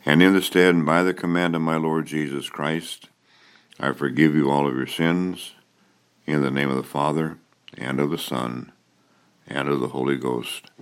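A male pastor leading a church liturgy of prayer, confession and absolution, in a slow, measured liturgical cadence. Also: very deep voice, fairly even intonation, smooth. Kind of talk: liturgy and scripture reading.

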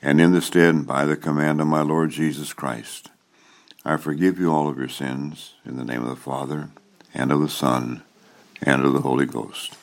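A man serving as pastor, leading a church liturgy with a solemn, measured cadence. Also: rumbling low, steady tone, gravelly.

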